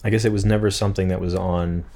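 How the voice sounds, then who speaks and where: A man in casual conversation, easygoing and hesitant, often trailing off quietly. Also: deep voice, steady tone, fast. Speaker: partner in conversation.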